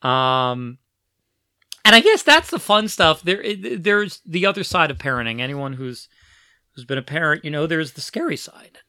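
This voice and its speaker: A man telling stories about raising his child, animated and full of restarts, acting out quoted voices. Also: fairly high pitch, moderate pace, no room sound, studio quality. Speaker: parent telling family stories. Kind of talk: casual storytelling conversation.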